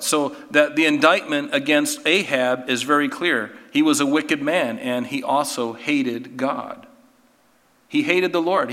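A man's voice: mid-range voice, fairly bright tone. A man preaching a sermon, earnest and emphatic, asking rhetorical questions and restarting his words as he goes. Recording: long reverb of a hall.

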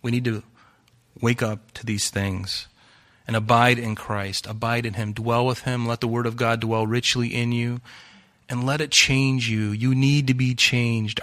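A male pastor delivers a sermon, exhorting the congregation and doubling back on phrases to drive them home. His voice has a bright, forceful ring at a mid pitch. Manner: exhorting, repeats phrases for emphasis.

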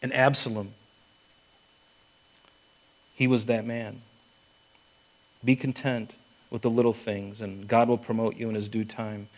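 A man's voice: lowish voice, level tone, a little slow, long pauses, low-quality recording. A man preaching a sermon as a pastor, earnest, acting out quotes and often restarting his sentences.

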